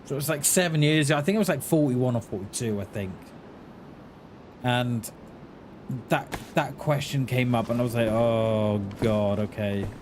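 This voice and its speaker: A man in his forties chatting casually on a gaming livestream, rambling and halting, often restarting his words and answering his viewers in a friendly way. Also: medium pitch. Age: 40s. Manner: talks back to chat in a friendly, reassuring way. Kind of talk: casual livestream chat while playing. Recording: noisy home stream recording.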